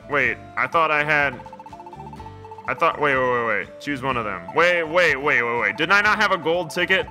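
A man's voice: fairly high pitch, lively intonation, moderate pace, pushed and bright, soft background music. A young man giving casual, jokey commentary while playing a video game, rambling with lots of "like" and "man". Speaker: video game let's player.

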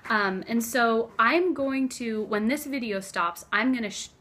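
A woman's voice: on the high side, a little slow. Chatty, heartfelt woman vlogger. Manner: chatty and heartfelt, drifting soft and hushed at times. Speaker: craft vlogger. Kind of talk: casual chat to camera. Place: living room, seated on floor. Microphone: phone camera on a stack of books.

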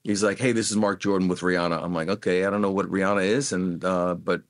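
Middle-aged guy spinning stories from his music career, low dry voice, does little voices for people. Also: fast talker, dry recording. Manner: animated anecdotes, acts out quoted voices. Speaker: guest musician. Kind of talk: storytelling interview.

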